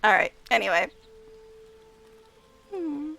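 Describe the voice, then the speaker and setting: A bright, giggly woman streaming a game. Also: fairly high pitch, very animated, slow pace, gravelly, low-quality recording. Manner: chatty and giggly, with hushed asides. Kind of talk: casual gameplay commentary.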